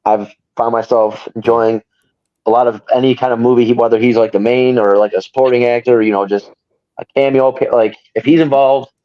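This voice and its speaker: A man's voice: mid-range voice, fairly even intonation, fairly quick, no room sound. Rambling man, slightly dull sound. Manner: rambling, many fillers like "like" and "you know". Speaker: podcast co-host. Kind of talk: casual chat among friends.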